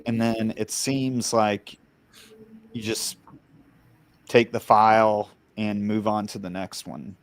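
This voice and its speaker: A man hosting a live interview, asking questions in an unhurried way. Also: fairly low pitch, flat delivery. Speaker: host.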